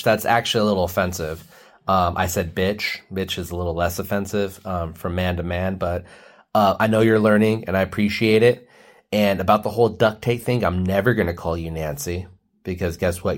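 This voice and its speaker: A young man hosting a comedy podcast, rambling and joking with lots of fillers. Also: fairly low pitch. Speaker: podcast host. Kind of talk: casual comedy podcast chat.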